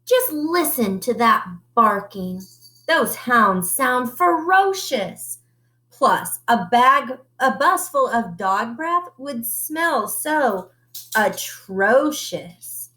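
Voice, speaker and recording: A woman's voice: fairly high pitch, big pitch swings, drawn-out words, sharp tone, echoey room, full character voice. A woman doing an emphatic mother cat. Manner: emphatic, dramatic. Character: firm, dramatic mother cat.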